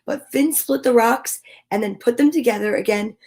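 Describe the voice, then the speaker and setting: A woman's voice: a little high, moderate pace, darkish tone. A woman hosting a children's storytime, reading a storybook aloud playfully and animatedly, with chatty asides. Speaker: storytime host.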